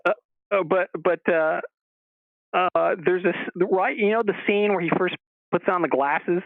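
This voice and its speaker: A man's voice: sits high, unhurried, creaky, no echo. A man being interviewed as a guest, telling stories casually and acting out the dialogue in a raised voice. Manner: animated storyteller who acts out quoted dialogue in a raised voice. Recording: tinny phone line.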